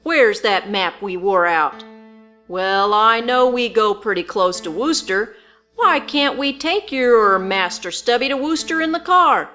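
A woman narrator voicing a big, gruff, wealthy older man who booms and growls. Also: animated, a little slow, pushed and bright, faint music behind. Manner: booming, ends in a growl.

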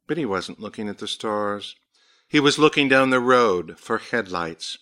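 A man reading a story aloud, raising his voice higher when the characters speak. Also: lively intonation, unhurried, pushed and bright. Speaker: narrator.

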